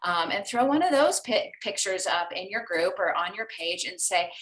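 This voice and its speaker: A woman's voice: mid-range voice, expressive, moderate pace, few pauses, fairly bright tone, poor audio. A woman on a video call giving upbeat, practical business advice in a chatty way. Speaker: call participant.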